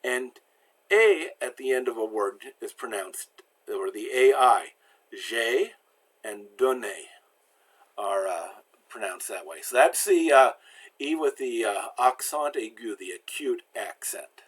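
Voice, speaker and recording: Slow, patient man teaching. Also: medium pitch, expressive, a bit bright, slightly rough. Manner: slow and patient, with frequent fillers and restarts. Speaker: language teacher. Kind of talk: explanatory pronunciation lesson.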